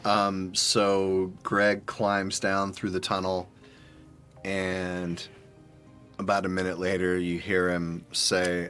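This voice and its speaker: A man narrating a tabletop game as game master, relaxed and halting with frequent ums. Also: sits low, clean tone, soft background music.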